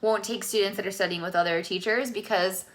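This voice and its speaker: A woman singing teacher giving a casual live vocal lesson, chatty and quick to laugh, with allergies. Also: mid-range voice, steady tone. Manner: chatty, laughs often, switches between speaking and singing. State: allergies, sneezing.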